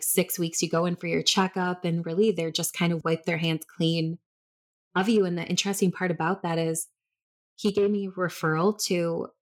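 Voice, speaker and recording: A woman in her thirties co-hosting a podcast, telling a personal story candidly with many restarts. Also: lowish voice. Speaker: podcast co-host. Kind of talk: casual chat.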